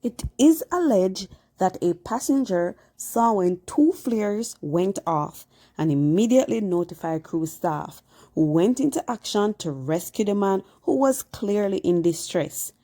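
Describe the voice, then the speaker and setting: A woman's voice: mid-range voice, expressive, unhurried, warm tone. A woman narrating a cruise vlog in an explanatory, conversational way. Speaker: cruise vlogger.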